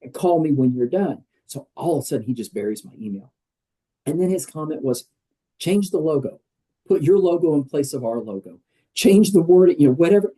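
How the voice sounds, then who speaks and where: A man's voice: a little high, lively intonation, a little fast, warm tone, husky, rough recording. An older American man, a guest on a podcast interview, talking in a conversational, emphatic way with many fillers. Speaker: guest, wellness program leader.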